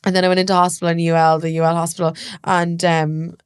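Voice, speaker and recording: A woman's voice: on the low side, level tone, clear, resonant tone, dry recording, studio quality. An Irish woman telling a personal story as a podcast guest, chatty and full of "like". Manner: rapid, chatty, peppered with "like". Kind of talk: casual storytelling interview.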